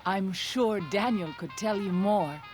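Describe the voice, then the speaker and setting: An actress playing a quiet, formal, reverent tribal woman in a video game. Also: medium pitch, a little slow, faint music behind, lightly acted.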